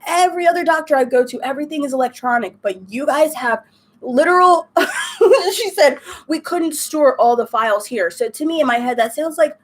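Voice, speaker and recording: A woman's voice: high-pitched, animated, moderate pace, slight background noise. A young woman chatting on a live stream, ranting in an exasperated, chatty way. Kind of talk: casual chat while crafting.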